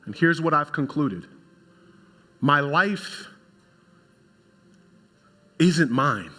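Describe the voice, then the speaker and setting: A man preaching a sermon with a bright, forceful tone and a fairly high voice. He speaks straight to the congregation, with a lively, animated delivery. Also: extremely slow. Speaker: pastor.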